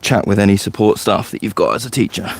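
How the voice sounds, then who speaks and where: A man's voice: fairly low pitch, fast talker, creaky, breathy edge, no echo. A man, a forest school leader chatting casually and explaining things in a loose storytelling way. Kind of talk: casual podcast chat.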